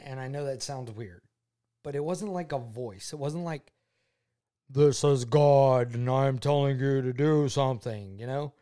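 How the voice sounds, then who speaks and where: A man speaking to his daughter, telling his faith testimony in an earnest, heartfelt way, often repeating himself and going quiet when moved. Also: on the high side. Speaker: father talking with his daughter.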